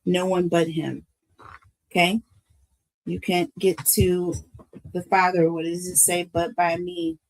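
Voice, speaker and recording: A woman's voice: lowish voice, flat delivery, slow, long pauses, a little hiss or hum, low-quality recording. An older woman, a grandmother, giving a live tarot reading to her viewers in an emotional, preachy way and calling them y'all. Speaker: tarot reader.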